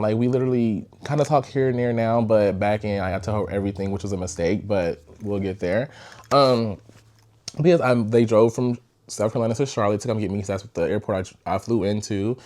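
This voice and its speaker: Chatty young man telling a story. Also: on the low side. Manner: chatty, animated retelling with many fillers. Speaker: podcast host. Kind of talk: casual storytime.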